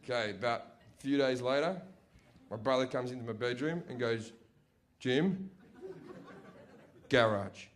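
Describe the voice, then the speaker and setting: A man's voice: medium pitch, fairly quick. A young man doing profane stand-up storytelling, acting out his family's voices. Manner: profane, animated, acts out family members' voices. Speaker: stand-up comedian. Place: comedy stage before a live audience.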